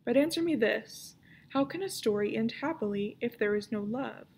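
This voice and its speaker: A woman reading aloud and voicing a stern, wise old grandmother who tells stories in a measured way. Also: a little high, lively intonation, gravelly, a little mellow, a little hiss or hum.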